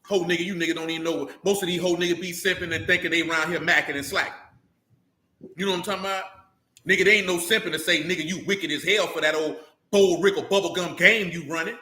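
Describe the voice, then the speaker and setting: Bright-voiced slangy street preacher man. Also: high voice, fairly even intonation, quick pace, reverberant. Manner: blunt slangy preaching, frequent rhetorical questions. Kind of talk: street-style sermon.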